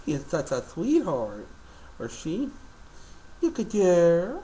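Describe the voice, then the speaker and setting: A man's voice: a little high, wildly swooping pitch, takes it slowly, pauses often, warm tone. A man filming a casual home video, chatting to his pet birds in a sing-song baby-talk voice.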